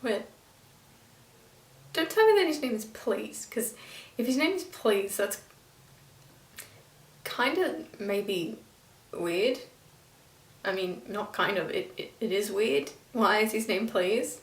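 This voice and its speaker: A woman's voice: medium pitch, animated, slow, long pauses, far from the mic. A woman reviewing a TV episode in a casual vlog, rambling and exasperated, sometimes stumbling over names. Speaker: video reviewer. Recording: echoey room, a bit off-mic.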